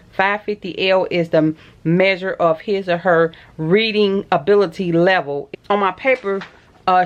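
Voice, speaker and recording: Tearful chatty woman vlogging. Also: fairly low pitch. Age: middle-aged. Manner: chatty, emotional, talks straight to viewers. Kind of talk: casual storytelling vlog.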